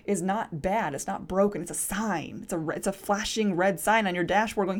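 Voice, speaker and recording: A woman's voice: medium pitch, moderate pace, hardly any pauses. Chatty woman hosting a solo podcast. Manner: reflective, talks through rhetorical questions with many "like" fillers. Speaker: podcast host. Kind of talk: casual solo podcast monologue.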